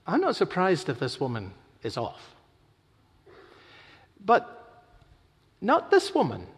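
A man preaching a sermon, swinging between loud urgent emphasis and slow hushed quotation. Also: sits high, wildly swooping pitch, breathy edge. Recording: long hall reverb.

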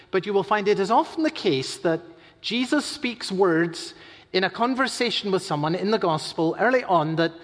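A man preaching a sermon, swinging between loud urgent emphasis and slow hushed quotation. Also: high-pitched. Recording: long hall reverb.

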